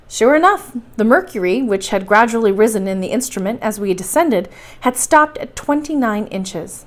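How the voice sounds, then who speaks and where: A woman reading a classic adventure novel aloud as a bedtime story, in steady, clear narration. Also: a little high, moderate pace. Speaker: library storytime reader.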